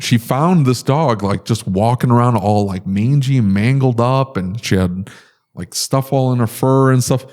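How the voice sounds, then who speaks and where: A man on a podcast, telling stories in casual chat with exaggerated outbursts. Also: fairly low pitch. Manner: animated storyteller, exaggerated outbursts. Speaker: podcast guest.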